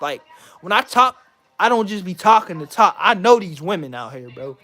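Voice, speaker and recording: High-voiced young man venting, rambling and cussing. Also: big pitch swings, normal speed, sharp tone. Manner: rambling, repeats himself, swears, mock-confident. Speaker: vlogger. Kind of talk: casual venting monologue to camera.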